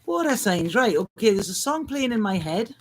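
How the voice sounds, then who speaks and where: A woman works through an improvised astrology and intuitive reading. Her talk is halting and meandering, with phrases started over as she goes. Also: mid-range voice, big pitch swings, a little hiss or hum. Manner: halting, rambling, restarts phrases.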